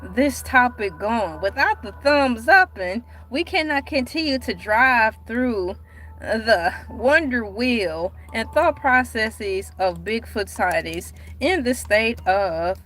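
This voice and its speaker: A woman chatting casually on her livestream, animated and dramatic, with sudden cries and mock outrage. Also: a little high. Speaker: livestream host.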